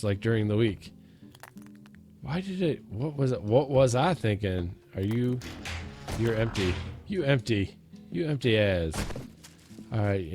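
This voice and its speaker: A man's voice: mid-range voice, darkish tone. Jokey man chatting over gameplay. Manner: jokey, talks to himself and the zombies, self-mocking. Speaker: gaming let's-play host. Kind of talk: casual gameplay commentary.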